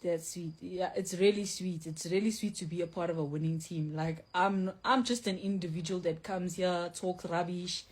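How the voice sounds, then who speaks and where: This young woman's voice is lowish, husky, and a little mellow, holding a steady tone at a moderate pace with hardly any pauses. Hosting a casual home livestream, she reads viewer comments aloud and fires back blunt answers, calls herself mean, and says "like" often.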